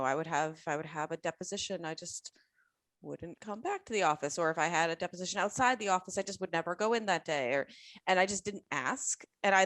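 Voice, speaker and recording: A woman's voice: lowish voice, fairly bright tone, dry recording, studio quality. A woman hosting a casual panel discussion, chatty and candid, asking questions and often saying "like". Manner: chatty and candid, leading with questions, heavy "like" use. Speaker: podcast host, attorney.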